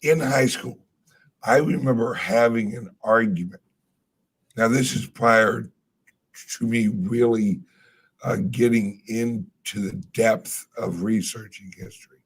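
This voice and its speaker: Slow husky gravelly dude, rambly laid-back chat, swears a lot. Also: male voice, on the low side. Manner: rambling, trailing off and restarting, swears casually. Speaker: podcast co-host. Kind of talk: casual chat.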